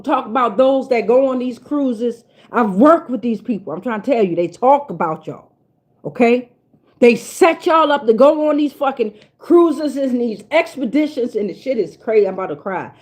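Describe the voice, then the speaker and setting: Woman, tarot reader, casual spiritual vlog, fairly high voice, blunt, preachy and profane. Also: darkish tone. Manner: emphatic, repeats herself for weight.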